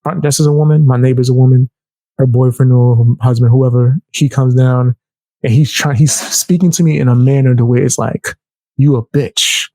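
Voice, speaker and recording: A young man telling a heated personal story in casual, animated speech, raising his voice to act out the people he quotes. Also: medium pitch, moderate pace, no echo. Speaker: storyteller vlogger.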